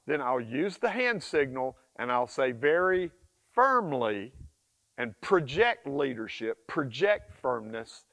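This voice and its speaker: A man in his sixties, a dog trainer, explaining hush training in a folksy, repetitive way and giving his dog firm commands. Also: mid-range voice, animated, unhurried. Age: 60s. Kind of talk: casual instructional vlog.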